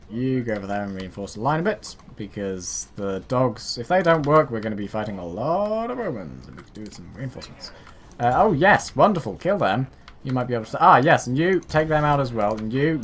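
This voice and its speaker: A man's voice: mid-range voice, sing-song, normal speed. A man talks his way through a strategy game, chatty and self-mocking as he orders his units around. His voice swings up and down a lot. A faint hiss and some keyboard clicks sit under his voice from the desk mic. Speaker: gaming YouTuber. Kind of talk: casual let's play commentary.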